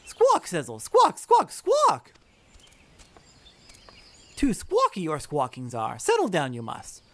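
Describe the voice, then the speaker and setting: Squawking bird-man tribesman, shrill and proud, choppy backwards phrasing. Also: huge pitch swings, slow, a bit bright, exaggerated voice. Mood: agitated squawking. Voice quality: squawking, inverted word order.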